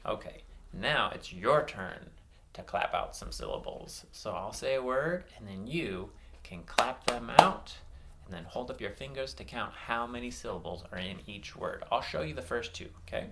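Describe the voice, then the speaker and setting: A man teaching a phonics lesson to young children, saying words slowly and praising each answer. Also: mid-range voice, lively intonation, a little hiss or hum. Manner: slow, drawn-out words with bright praise.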